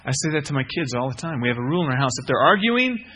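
Rapid-fire and at a medium pitch, this male pastor delivers an animated sermon that leaps from loud bursts to quiet lines. Offhand asides and self-deprecating humor run through it.

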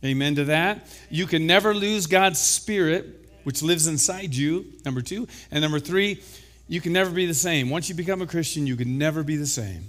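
A man preaching a sermon as pastor, slightly hoarse from illness, building to emphatic exclamations. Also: fairly high pitch, moderate pace. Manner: emphatic, rising to loud exclamations.

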